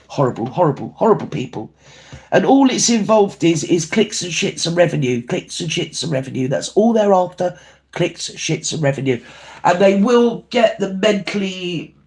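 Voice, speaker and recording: A man's voice: on the high side, darkish tone, lightly acted. A man playing a gossipy older grandmother who hosts a livestream, chatting with viewers and calling them babe and darling. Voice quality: chatty, calls everyone babe and darling, ranting. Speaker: livestream host. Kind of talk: livestream chat reading comments.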